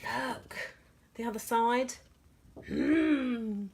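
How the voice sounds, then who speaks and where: A woman demonstrating craft products in a casual vlog, bubbly and gushing, often laughing at her own excitement. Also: fairly high pitch, very slow, gravelly, background noise. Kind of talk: casual show-and-tell vlog.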